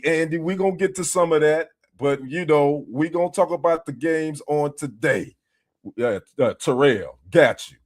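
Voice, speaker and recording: A man's voice: medium pitch, a little mellow. A man from the United States hosting a casual sports livestream, greeting viewers by name and trading teasing banter with the chat. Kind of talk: casual live-stream chat. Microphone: streaming setup.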